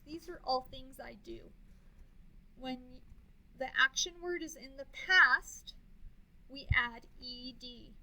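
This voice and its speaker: Slow, high-voiced woman teacher. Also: background noise. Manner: slow, clearly sounded-out words with counting pauses. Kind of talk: early reading phonics lesson.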